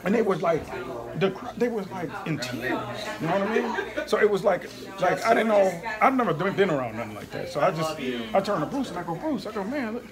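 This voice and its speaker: A comedian man spins an excited story in a lively voice that climbs and dives all over. He acts out the people he quotes and laughs along as he goes. A busy crowd murmurs behind him at the venue. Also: high voice, fairly quick. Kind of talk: animated storytelling interview. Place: comedy venue after a show.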